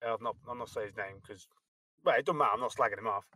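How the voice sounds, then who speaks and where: A man's voice: mid-range voice, rapid-fire, sharp tone, no room sound. A man, a former Guardsman, telling an army anecdote in a hesitant, filler-heavy way. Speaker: podcast co-host, ex-Guardsman. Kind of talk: casual anecdote.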